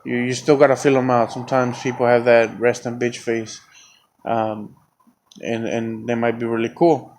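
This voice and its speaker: A man telling a long story on his own podcast. He talks in a loose, rambling way, swears constantly and gets heated. His voice sits at an ordinary middle pitch, with a faint hiss of background noise behind him. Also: little pitch movement, moderate pace, a little mellow. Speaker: podcast host. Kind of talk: casual storytelling.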